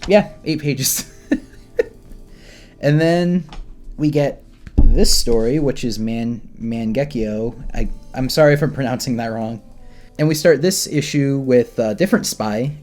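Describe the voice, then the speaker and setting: A man's voice: mid-range voice, measured pace, darkish tone, soft background music. A man giving an informal, rambling comic book review, laughing often and poking fun at himself. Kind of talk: informal discussion to camera.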